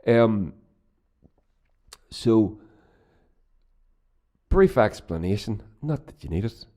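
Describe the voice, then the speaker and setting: A Northern Irish man hosts a solo podcast, talking extremely slowly in a fairly low, mellow, sing-song voice. His casual chat wanders, includes profanity, and is full of restarts.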